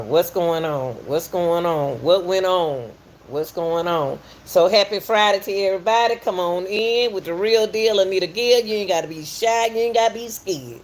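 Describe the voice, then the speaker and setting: A middle-aged woman from Atlanta, USA, hosts a podcast live stream, welcoming viewers with folksy, repetitive chatter in her Southern accent. Her voice is deep and a little mellow, with a slight hiss or hum in the audio.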